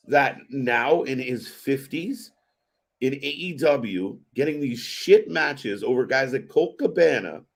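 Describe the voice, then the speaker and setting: A man hosting a live wrestling watch-party stream, giving excitable, profane reaction commentary. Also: medium pitch, vocal fry. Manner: excitable and profane, swearing often.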